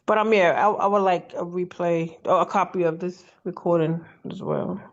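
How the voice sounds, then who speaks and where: A woman on a video call, talking in an eager, halting way. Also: lowish voice, steady tone, dull audio. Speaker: call participant. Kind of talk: casual video-call talk.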